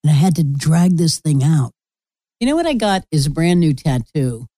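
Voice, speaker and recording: Low, mellow-voiced woman podcaster rambling. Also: expressive, moderate pace, no room sound. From Florida resident. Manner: rambling, blunt and profane storytelling. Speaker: podcast host. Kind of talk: casual monologue.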